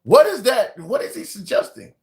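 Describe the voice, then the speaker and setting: A man's voice: extremely high pitch, huge pitch swings, moderate pace, gravelly. A man hosting a livestream chat, teasing his guest with playful mock-innocent questions. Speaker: host.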